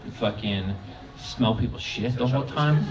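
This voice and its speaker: A man's voice: mid-range voice, normal speed. A man doing a brash, crude stand-up set on a comedy club stage, telling stories and acting out what people said to him. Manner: brash, crude storytelling with acted-out quotes. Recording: loud crowd laughter in a comedy club.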